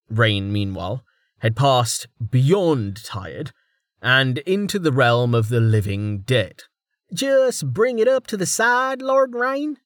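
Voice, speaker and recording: Expressive male audiobook narrator. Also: medium pitch, no echo, studio quality. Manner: expressive storytelling.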